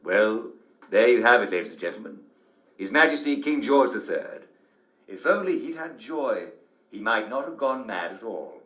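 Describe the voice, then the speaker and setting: Smarmy tv host played by a man, lively pitch, theatrical patter, roomy, dull game audio. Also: normal speed, natural voice. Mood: jovial. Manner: jovial, theatrical presenter patter. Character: Uncle Jack, smarmy English TV show host.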